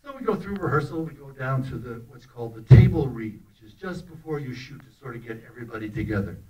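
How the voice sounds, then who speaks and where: An older actor telling anecdotes to a festival audience in an animated, laughing way, often acting out the lines he quotes. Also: mid-range voice, quick pace, noisy background. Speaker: actor telling stories about a film. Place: festival talk in a hall. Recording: voice picked up from a distance.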